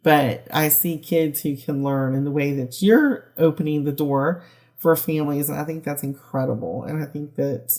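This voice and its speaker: Low-voiced woman hosting an interview. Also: normal speed. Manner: warm, encouraging listener who laughs along. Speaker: podcast host. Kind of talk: casual interview.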